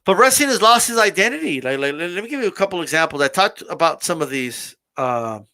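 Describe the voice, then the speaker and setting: A man hosting a live stream, giving an animated, casual rant full of restarts and the odd swear. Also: high-pitched, fast. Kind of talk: casual ranting commentary.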